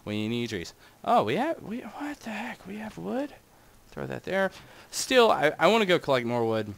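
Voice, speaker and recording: A man's voice: wildly swooping pitch, moderate pace, creaky, a bit bright. Young guy rambling over his game, voice bouncing all over the place, chatting to viewers. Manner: rambling and chatty, talks to his audience, jumps between wild highs and mutters. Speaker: Minecraft gaming channel host. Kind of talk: casual gameplay commentary.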